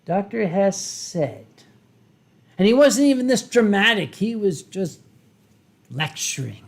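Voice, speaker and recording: A man in his fifties holds forth on his live stream, wine at hand, drawling slowly and in no hurry at all. He rambles and swears freely, pausing for effect, then swings from booming outbursts to hushed asides. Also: big pitch swings. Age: 50s. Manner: slow, rambling and profane with dramatic pauses. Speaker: live-stream host answering chat. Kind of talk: casual live-stream chat while drinking wine.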